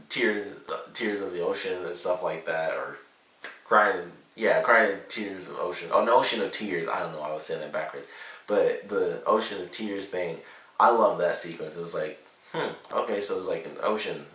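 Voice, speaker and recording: A man with a low voice talks through a TV episode review in a loose, rambling way, amused and full of fillers. He sits well back from the microphone in an echoey room. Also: fairly bright tone, far from the mic. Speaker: show reviewer.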